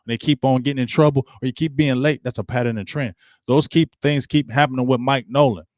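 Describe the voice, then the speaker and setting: Slangy, fired-up sports talk host. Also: male voice, fast, no echo, studio quality. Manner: animated, slangy, repeats himself, rises in pitch when fired up. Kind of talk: casual solo sports commentary.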